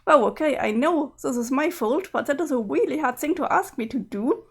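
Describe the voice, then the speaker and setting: Lady voicing a sorry but fed up young woman, high lively voice, pleading. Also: brisk. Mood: coaxing. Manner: apologetic, then impatient and pleading. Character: guilty, exasperated young woman trying to calm her other self. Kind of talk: dramatic reading of a webcomic.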